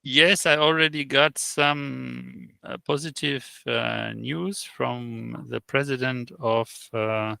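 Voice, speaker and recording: Gravelly, bright-voiced man telling stories. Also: mid-range voice, dry recording. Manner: halting, with many fillers and restarts; animated storyteller who acts out quoted exchanges. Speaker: interview guest. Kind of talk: casual interview chat.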